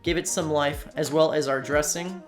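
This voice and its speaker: A man's voice: fairly high pitch, steady tone, moderate pace, soft background music. A man from Slovakia narrating a cooking voiceover in a casual, chatty way, talking straight to his viewers. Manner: casual, chatty, addresses viewers as "you guys". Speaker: cooking channel host. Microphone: voiceover recorded separately from the video.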